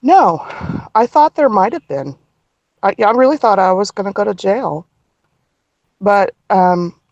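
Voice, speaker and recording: A middle-aged woman telling a personal story as a podcast guest, earnest and halting, with frequent restarts. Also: mid-range voice, darkish tone, no room sound, dull audio.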